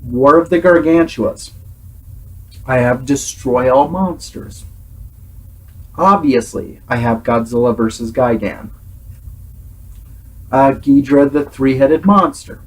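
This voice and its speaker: Brief: unhurried male host, earnest and exasperated movie critic. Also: medium pitch, breathy edge, low-quality recording. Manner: earnest, exasperated critique, sometimes imitates sounds. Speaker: host, film reviewer. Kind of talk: casual film review chat.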